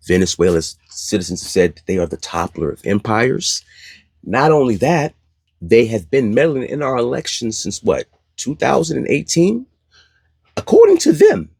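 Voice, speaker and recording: A man's voice: on the low side, vocal fry, a little mellow, breathy edge, dry recording. A man hosting an opinion commentary, speaking in a sarcastic, emphatic, preachy way. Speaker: commentary channel host.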